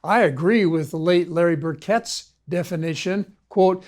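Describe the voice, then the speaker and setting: A man, a ministry consultant, reading a scripted video lecture in a measured, formal way. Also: sits high, a little mellow. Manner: measured, formal read-aloud delivery. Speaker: ministry consultant and course instructor.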